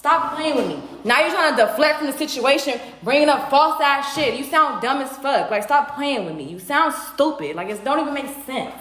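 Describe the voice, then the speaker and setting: A woman's voice: high voice, animated, moderate pace, hardly any pauses, fairly bright tone, reverberant. A young woman arguing on a livestream, scornful and dismissive, repeating her retorts. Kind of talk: heated livestream argument.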